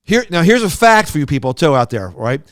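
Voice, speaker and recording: A man's voice: a little high, very animated, fairly quick, a bit bright, no room sound, studio quality. A man co-hosting a podcast, telling rambling anecdotes in casual chat with lots of restarts and quoted voices. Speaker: podcast co-host.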